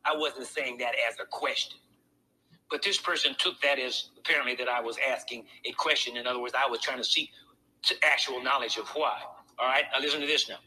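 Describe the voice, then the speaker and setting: A man's voice: medium pitch, fairly even intonation, brisk, bright, forceful tone, low-quality recording. A man pastor preaching a sermon to his congregation, talking it through in a conversational way with pointed asides.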